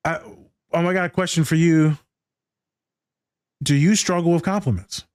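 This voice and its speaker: A man's voice: on the high side, moderate pace, a little mellow. A man hosting a casual podcast chat, talking candidly and swearing, acting out quoted exchanges. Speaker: podcast host.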